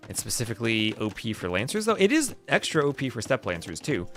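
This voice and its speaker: A man's voice: mid-range voice, huge pitch swings, fast talker, a bit bright, faint music behind. A man casting a strategy game on a live stream, calling the play and chatting with his viewers. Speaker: esports caster and stream host.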